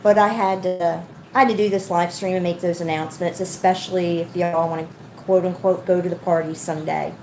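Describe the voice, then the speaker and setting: A woman's voice: on the low side, steady tone, brisk, hardly any pauses, darkish tone, a little hiss or hum. A woman hosting a casual livestream, rambling and chatty as she answers comments from her viewers. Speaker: livestream host.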